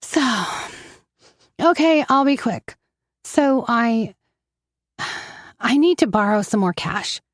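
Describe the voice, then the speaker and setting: A woman's voice: fairly high pitch, lively intonation, takes it slowly, long pauses, no room sound, clean studio sound, voice pushed up. A woman voicing a desperate addicted sister who pleads, then turns bitter, in an audiobook. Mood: pleading. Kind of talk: audiobook narration.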